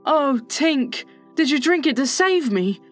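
A man's voice: extremely high pitch, animated, measured pace, fairly bright tone, soft background music, voice pushed up, heavily acted. A man voicing a brave, cocky young boy who speaks in eager, demanding exclamations in an audiobook. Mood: distressed. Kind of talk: audiobook character voice.

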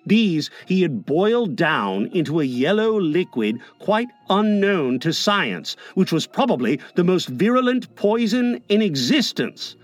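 A man narrating a storybook aloud in a dramatic way, shifting from hushed to lively. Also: high-pitched, measured pace, few pauses. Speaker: audiobook narrator. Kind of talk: expressive storybook reading.

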